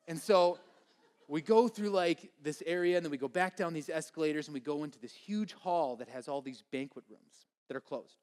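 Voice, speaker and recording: A man from Minnesota preaching a sermon, telling a lively comic story and acting out the voices of the people in it. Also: a little high, moderate pace, clean tone. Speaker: pastor.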